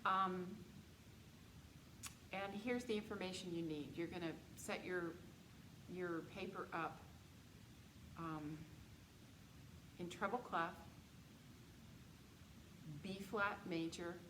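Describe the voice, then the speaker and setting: A woman music teacher talks slowly and patiently, counting beats aloud in a slightly low voice. The room around her rings with echo. A steady background noise sits under the recording. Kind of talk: recorded lecture with dictation exercises.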